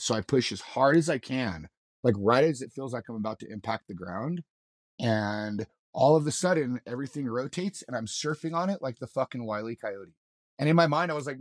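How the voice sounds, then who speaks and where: A man's voice: mid-range voice, lively intonation, brisk, dry recording, studio quality. A man, a mountain guide on a podcast, telling a story in a loose, rambling way, full of swearing and restarts. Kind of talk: casual storytelling in an interview.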